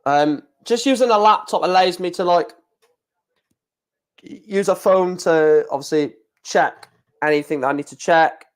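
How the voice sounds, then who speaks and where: A man's voice: high voice, a little slow, long pauses, clean tone. A man chatting casually through a live match watchalong, laughing often and swearing. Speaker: live streamer.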